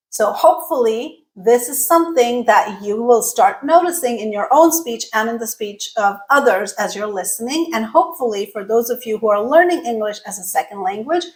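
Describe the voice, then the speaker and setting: A woman teaching English pronunciation, speaking clearly and deliberately and slowing down to model example words. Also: a little high. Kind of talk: pronunciation lesson. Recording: roomy echo.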